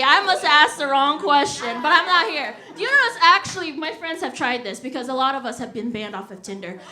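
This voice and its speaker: A young woman from the Washington D.C. and Virginia area performing a stand-up comedy set on a live stage, animated and punchy as she works the crowd. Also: high voice, background noise. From Washington D.C. / Virginia area, USA. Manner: animated, crowd-working, punchy delivery with laughs in the voice.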